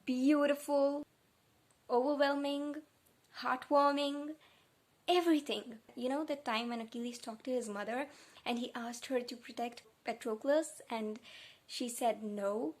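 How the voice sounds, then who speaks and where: Slow-talking tearful young woman vlogger. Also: sits high, fairly even intonation. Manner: emotional, gushing, close to tears. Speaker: book vlogger. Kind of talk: casual reading vlog chat.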